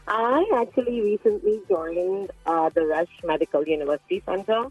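A man with an Indian accent calling a radio show, chatty and quick to laugh. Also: high voice, slightly rough, dry recording, soft background music. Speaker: caller. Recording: phone line.

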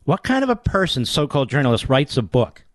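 A man's voice: medium pitch, very animated, a little fast, dry recording. A man hosting political talk radio in a combative, sarcastic way that often builds into a heated rant.

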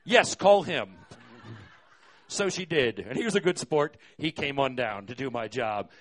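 A man's voice: mid-range voice, big pitch swings, moderate pace, fairly bright tone. A man, a concert venue manager, telling a live stage story in a wry, profane way, hesitating often with fillers.

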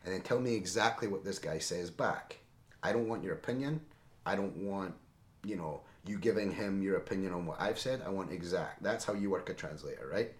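A man telling a story in a casual, animated way, often tagging his lines with "right?". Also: low voice, fairly quick. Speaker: interview guest. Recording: roomy echo.

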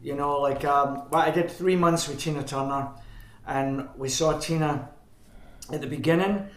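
A Scottish band frontman appears as a guest, telling long, rambling anecdotes, correcting himself along the way, and chuckling. His voice is fairly high-pitched at a moderate pace, and the recording has a roomy echo.

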